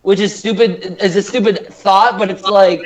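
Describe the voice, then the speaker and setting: A man with a rather high voice co-hosts a casual podcast. He gets excitable and laughs often as he riffs along with the others. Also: moderate pace, poor audio.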